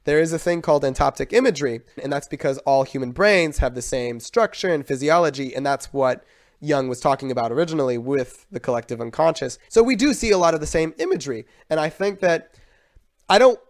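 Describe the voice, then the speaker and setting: A man's voice: fairly high pitch, lively intonation, brisk. Playful man telling stories on a podcast. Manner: storytelling, playful, teasing. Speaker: podcast co-host. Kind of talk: casual chat.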